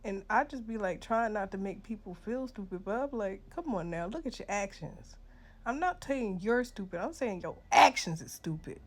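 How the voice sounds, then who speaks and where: A woman's voice: medium pitch, lively intonation, moderate pace. Blunt, profane woman ranting. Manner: blunt, profane, swings between loud outbursts and hushed asides. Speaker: social media creator. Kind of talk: casual vlog rant.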